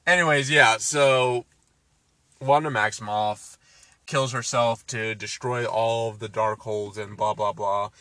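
A man's voice: mid-range voice, fairly even intonation, measured pace, sharp tone, dry recording. Exasperated man ranting about a movie. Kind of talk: casual movie recap chat.

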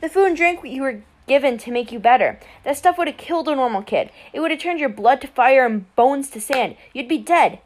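A woman's voice: high voice, lively intonation, fairly quick, few pauses. A woman voicing a clever, serious teenage girl who explains things patiently in an audiobook. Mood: explaining. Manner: earnest, matter-of-fact. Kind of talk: audiobook character voice.

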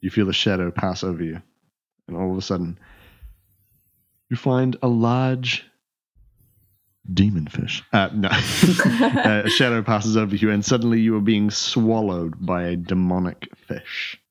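Man, game master, very low voice, halting rambling narration, dull lo-fi recording. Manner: rambling, with many "uh" fillers and restarts. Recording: dull lo-fi audio.

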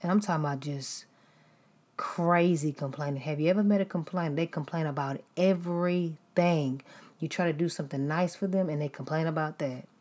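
Low, husky woman preaching bluntly. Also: a little fast, darkish tone. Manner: blunt, emphatic, repetitive, laughs often.

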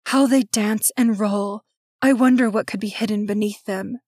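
A woman's voice: medium pitch, fairly even intonation, normal speed, darkish tone, husky, dry recording, clean studio sound, lightly acted. A woman voicing a tiny bossy girl who plays the lead in a school musical, speaking with a theatrical, bellowing stage delivery in a storybook reading.

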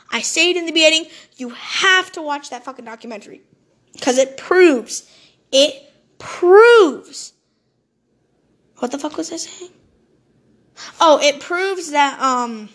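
A woman with a high voice carries a solo podcast rant. Her talk is profane and heated, and she keeps losing her thread and scrambling to find it again. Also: pushed and bright. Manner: profane, heated ranting that loses its train of thought. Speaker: podcast host.

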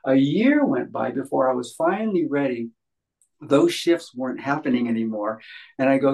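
A man's voice: medium pitch, normal speed, creaky, a little mellow, low-quality recording. Male interview guest, mid-range voice, earnest and insistent, conversational. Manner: earnest, emphatic, repeats phrases for stress.

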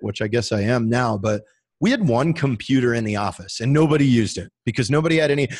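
Man, thirties, veteran guest, casual storytelling, profane, lots of "like" fillers, average pitch. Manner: profane, heavy use of "like" fillers.

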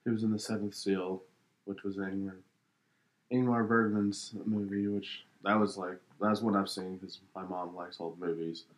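A man's voice: low-pitched, flat delivery, normal speed, low-quality recording. A man co-hosting a casual movie podcast, who mostly gives brief, agreeable answers. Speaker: podcast co-host.

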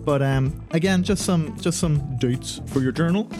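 A man's voice: a little high, music in the background. A man, hosting a tabletop gaming podcast in a chatty, jokey way. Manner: chatty, jokey, quick asides. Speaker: podcast host and player. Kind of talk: casual tabletop podcast chat.

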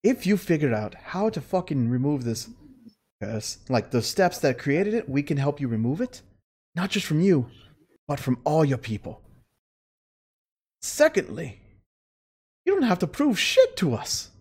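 A game master voicing a crude, scheming female fey courtier who makes a profane, persuasive sales pitch in a tabletop game. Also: sing-song, unhurried, long pauses, a little mellow, breathy edge, heavily acted. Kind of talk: tabletop role-play.

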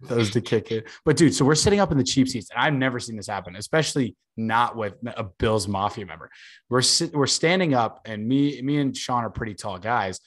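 A young man in a loose, casual podcast chat, talking at a middle pitch. He tells stories with a lot of energy and swears freely. He acts out what other people said, jumping up in pitch to play them. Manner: animated storyteller, swears freely, acts out quotes.

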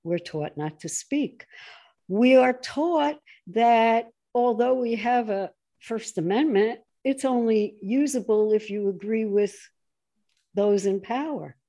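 Woman guest, mellow tone; animated, mocking political commentary. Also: slow. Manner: animated, mocks opponents in shrill voices. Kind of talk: political conversation.

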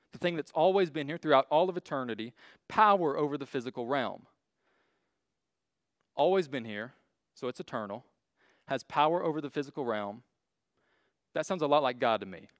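A man's voice: on the high side, animated, normal speed, long pauses, no echo, clean studio sound. Blunt, joking man giving a slide lecture. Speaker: speaker teaching a class on faith and evolution.

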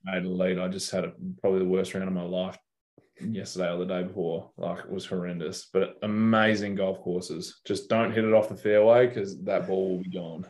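A man's voice: low-pitched, flat delivery, normal speed, darkish tone. A young Australian man telling stories in a casual interview, laid-back and slangy with plenty of swearing. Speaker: guest basketball player.

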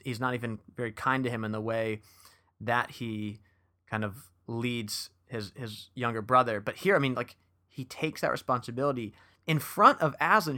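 A man's voice: mid-range voice, bright, forceful tone. A man co-hosting a casual book discussion, talking with enthusiasm and reading passages aloud. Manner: enthusiastic, many restarts. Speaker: podcast co-host.

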